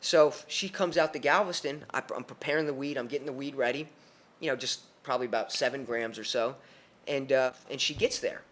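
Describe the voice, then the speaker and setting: A young man tells a personal story on a podcast, in an animated way and with many restarts. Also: mid-range voice, brisk.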